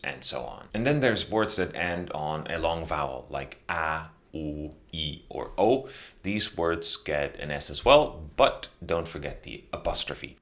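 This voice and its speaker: A man teaching a beginner grammar lesson, patiently slowing down to say example words clearly. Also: low voice, animated. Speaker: Dutch language teacher.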